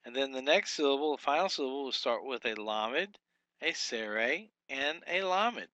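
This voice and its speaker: A male teacher walking through workbook exercises, spelling out syllables one by one with frequent pauses and fillers. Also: medium pitch, lively intonation, bright, forceful tone, dry recording, muffled recording. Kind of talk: recorded lesson walkthrough.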